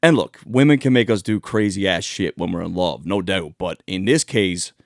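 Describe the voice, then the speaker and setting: A man's voice: deep voice, normal speed, creaky, no room sound, clean studio sound. A man narrating a commentary video in a casual, conversational way, swearing now and then. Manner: conversational, swearing, reads quotes aloud. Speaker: commentary channel host.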